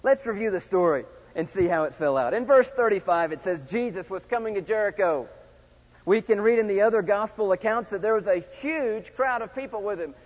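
A middle-aged man with a high voice delivers a sermon, fairly quick and with lively intonation, swinging from booming shouts to near-hushed tones. His preaching echoes with long reverb through a large church, and the recording sounds slightly dull and muffled.

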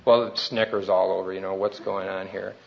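A man's voice: deep voice, flat delivery, a little fast, creaky, lo-fi sound. A man preaching a sermon and telling his own testimony in an earnest, folksy storytelling way.

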